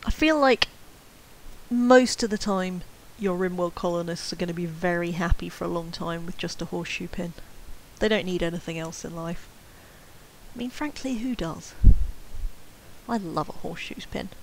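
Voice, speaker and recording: Wry, chatty woman with a gravelly edge. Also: on the low side, moderate pace, a little hiss or hum, rough recording. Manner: chatty, wry and self-mocking, with sudden excited yelps. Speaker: game streamer commentating. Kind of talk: casual gameplay commentary.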